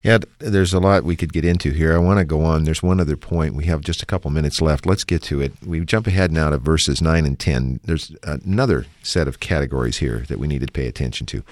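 Man, extremely low voice, Bible radio host, calm, steering the talk, dry sound. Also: brisk, few pauses, no room sound. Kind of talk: guiding a studio discussion.

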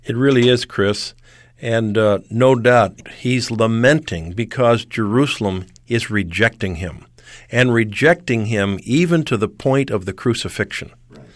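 A man co-hosting a radio Bible discussion, speaking in an agreeable, measured way. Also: medium pitch, no room sound, clean studio sound. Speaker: radio program co-host.

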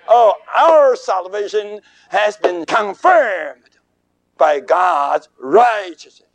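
A man preaching a sermon in emphatic, deliberate short phrases, his voice riding high and swinging widely in pitch. He takes his time, unhurried and slow, and the recording is close and dry with no room sound. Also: expressive, no room sound.

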